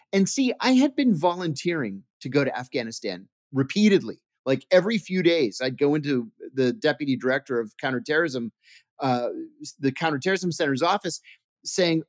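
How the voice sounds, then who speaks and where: A former CIA officer, appearing as an interview guest, tells anecdotes and acts out quoted dialogue, restarting frequently. His voice is a little high, sing-song and a little fast, recorded at studio quality with no echo.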